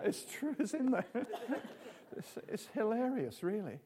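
A man delivers an informal sermon, chatting and joking with his listeners. He leans on tag questions and asides. His voice sits fairly high for a man. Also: big pitch swings, measured pace, warm tone. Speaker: preacher.

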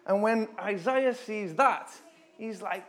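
Man preaching casually with loud bursts. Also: high-pitched. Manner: conversational, with sudden loud emphatic bursts; reads scripture slowly and dramatically. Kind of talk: informal Bible teaching.

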